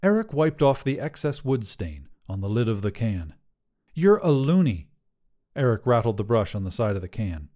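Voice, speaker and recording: A man narrating a short fiction podcast in a measured, scripted way. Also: lowish voice, animated, warm tone.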